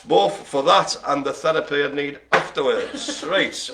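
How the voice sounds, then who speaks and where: A man's voice: fairly high pitch, measured pace, few pauses, bright, forceful tone, a little hiss or hum. A man calling bingo with jokes, banter and playful asides to the players. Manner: jokey, chatty, playful asides. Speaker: bingo caller.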